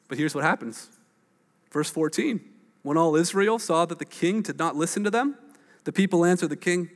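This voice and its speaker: Male pastor, lively storyteller, higher voice, long hall reverb. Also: brisk. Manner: animated storytelling preacher, acts out quotes. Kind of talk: sermon.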